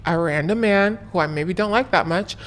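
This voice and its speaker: A woman hosting a podcast in casual chat, animated, swearing freely and slipping into bits. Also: lowish voice, normal speed. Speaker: podcast host.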